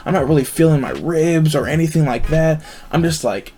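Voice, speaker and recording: A young man vlogging, retelling a personal story in a casual, profane, animated way. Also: on the high side, a little fast.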